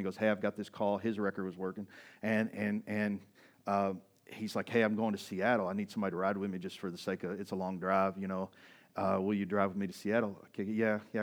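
A man in his forties, a pastor preaching a sermon and telling a personal story in a conversational way, with many fillers and restarts. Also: on the low side. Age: 40s.

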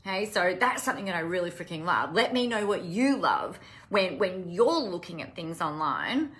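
Bright-voiced, blunt woman coach. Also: lowish voice, very animated, normal speed. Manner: impassioned and blunt, swears freely. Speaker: business and marketing coach. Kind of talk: casual live-stream talk to camera.

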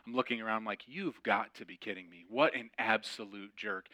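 A man's voice: medium pitch, clear, resonant tone. A man hosting a podcast, telling a personal story as a sermon and acting out the voices of the people in it. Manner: animated, acts out quoted voices. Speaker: podcast host and preacher.

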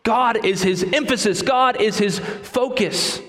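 High-voiced man preaching in echoey hall. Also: a little slow, a bit bright. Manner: emphatic preaching, repeats key phrases. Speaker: pastor. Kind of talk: sermon. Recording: echoey hall with long reverb.

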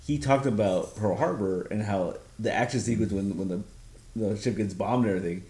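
A man's voice: lowish voice, a little fast, warm tone. A man in casual chat, easygoing and a little hesitant, often laughing. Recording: roomy echoey room.

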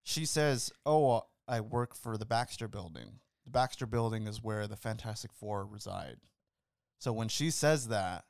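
A man talks on a podcast in an everyday voice with a dry, close sound. He rambles through his opinions with easy confidence, and his voice often drops softer at the ends of thoughts. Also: on the low side, unhurried, creaky, no room sound. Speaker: podcast co-host. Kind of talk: casual chat.

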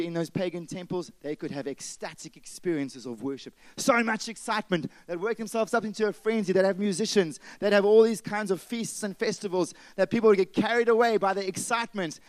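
A man preaching a sermon with passion, dropping to a hush and then rising loud again. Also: high voice, brisk, few pauses, no echo, poor audio. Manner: impassioned preaching, swings from loud to hushed. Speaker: pastor.

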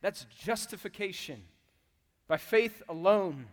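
A man delivers a sermon in a high, bright-pitched voice, swinging between quiet asides and loud, animated bursts as he acts out the quotes. His voice rings through a church hall with a long trailing reverb. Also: takes it slowly. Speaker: pastor.

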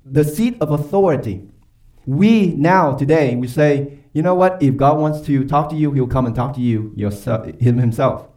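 A man preaching a sermon as pastor, emphatic and quick to pose rhetorical questions to his congregation. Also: mid-range voice, a little mellow. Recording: voice from far off the mic.

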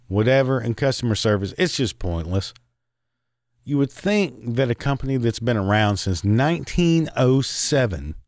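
Male podcast host, angry profane rant, mid pitch, dead-dry close mic. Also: a little mellow, no echo. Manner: angry, swearing, rambling with laughs.

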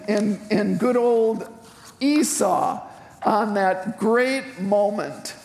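Slow, gravelly older preacher in an echoey hall. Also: medium pitch. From eastern Wisconsin, US. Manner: heartfelt, unhurried storytelling with emotional swells. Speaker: guest speaker at a church service. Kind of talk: personal testimony sermon. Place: church sanctuary. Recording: echoey hall with faint music.

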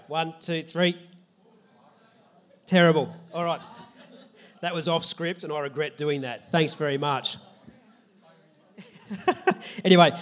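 A man's voice: medium pitch, a bit bright. A man giving a casual, conversational sermon in a church, chatting with the audience and poking fun at himself. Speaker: preacher. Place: church hall with a live audience.

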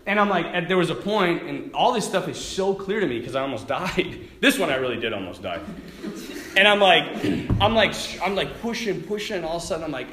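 A priest giving a sermon, telling a personal story in a lively way, laughing and restarting his sentences. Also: fairly high pitch, fairly quick, roomy sound, a little hiss or hum. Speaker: priest, vocation director.

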